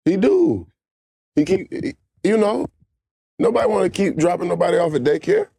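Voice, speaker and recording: A man's voice: sits high, normal speed, creaky, breathy edge, dry recording, clean studio sound. Profane, riffing male comedy co-host. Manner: loose, profane, animated riffing.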